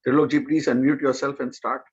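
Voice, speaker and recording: A man's voice: mid-range voice, level tone, fairly quick, husky. A man moderating an online session, giving short, polite directions over a video call. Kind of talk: brief instructions on a video call. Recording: muffled lo-fi call audio.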